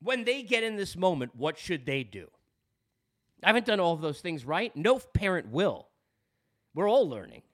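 A man's voice: sits high, big pitch swings, moderate pace, pauses often. A man with a Long Island New York accent, hosting a podcast and speaking earnestly and candidly in a personal monologue, often repeating words as he goes. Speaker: podcast host.

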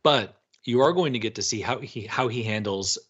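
A man's voice: medium pitch, normal speed, a bit bright, slightly rough, lo-fi sound. A man co-hosting a hockey podcast, talking analytically in casual chat and often tagging on a rhetorical "right?". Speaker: podcast co-host.

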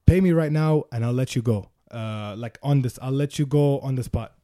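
A man voicing a calm, businesslike male police officer in a retold story, speaking in a steady, matter-of-fact way. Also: mid-range voice, normal speed, no echo, studio quality, voice pushed down, natural voice.

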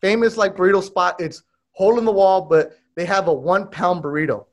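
A man, a podcast co-host telling stories in slangy, animated casual chat. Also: sits high, brisk.

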